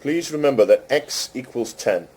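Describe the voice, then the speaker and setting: A man casually chatting with an AI assistant, amused and teasing, speaking slowly and carefully to it. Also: medium pitch, animated, a little mellow, breathy edge. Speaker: host testing a voice chatbot. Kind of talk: casual chat with an AI.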